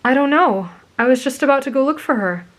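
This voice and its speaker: A woman's voice: high-pitched, expressive, fairly quick, voice pushed up. Midoriya, a woman voicing a shy stammering boy. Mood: flustered. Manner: stammering, hesitant and apologetic. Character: shy nervous teenage boy, earnest and flustered. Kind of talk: whispered role-play.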